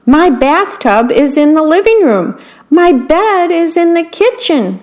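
Lady reading as a tiny worm, high and squeaky, fussing and squealing, storybook style. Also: expressive, unhurried, a little mellow. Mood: panicked. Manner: squealing, fretful exclamations. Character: fussy little worm living in an apple.

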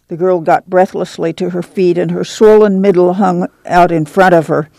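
A woman narrating a novel in steady storytelling manner. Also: fairly low pitch, normal speed, creaky, few pauses, dry recording. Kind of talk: audiobook narration.

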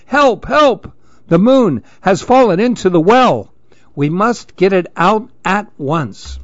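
A man voicing an old male monkey who leads the troop in a storybook reading, shouting high and urgent. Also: animated, unhurried, no room sound, highs cut off. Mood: alarmed.

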